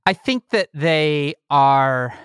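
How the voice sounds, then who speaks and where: A man riffs on the news in a loose, joking way. His pitch swings widely as he mocks and drifts into silly impressions. The sound is dry and close. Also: very slow, smooth, no echo. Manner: animated, mocking, breaks into silly shouted impressions. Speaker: podcast co-host. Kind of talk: casual political comedy chat.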